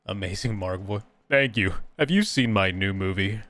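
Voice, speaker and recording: A man putting on an impression of a deep-voiced male video host, hammy and lowered, on a live art stream. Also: moderate pace, fairly bright tone, no echo, close to an everyday voice.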